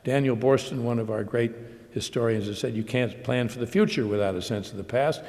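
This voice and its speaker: An older American man giving a public lecture at a measured pace, building emphasis through repeated phrases. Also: medium pitch, a little mellow. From United States. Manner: measured, slow emphatic delivery with repetitions. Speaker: guest lecturer. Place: large auditorium. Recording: long hall reverb.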